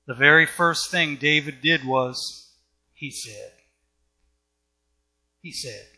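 A man's voice: a little high, slow, sharp tone. A man preaching a sermon with an emphatic, repetitive cadence.

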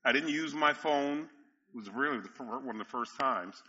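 A man's voice: mid-range voice, normal speed, sharp tone, slightly rough, highs cut off. A male pastor preaching a sermon, telling stories with emphatic repetition and frequent chuckles. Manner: storytelling, emphatic, chuckles often.

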